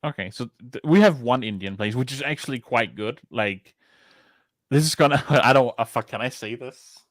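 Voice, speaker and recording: A Danish-accented man co-hosting a podcast, talking in a loose, rambling way and swearing offhandedly. His voice sits at an ordinary pitch and sounds close and dry, with no room around it. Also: moderate pace, no room sound. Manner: chatty, rambling, swears casually. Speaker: podcast co-host. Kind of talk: casual chat.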